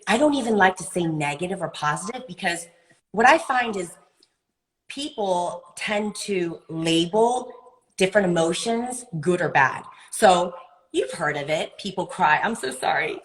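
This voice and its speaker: Earnest, animated wellness guest, woman. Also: fairly low pitch, measured pace, poor audio. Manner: earnest, animated, acts out quoted voices. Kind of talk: conversational advice in a live interview. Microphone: live video call.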